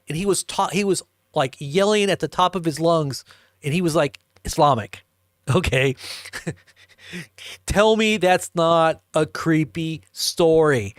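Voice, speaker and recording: A man with a slightly high voice tells a long, rambling story and chats with his viewers live. He often repeats and restarts himself and laughs between lines. The sound is close and dry. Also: a little slow, no echo. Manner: rambling, chuckling, addresses viewers directly. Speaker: livestream host. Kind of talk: casual storytelling to a live chat.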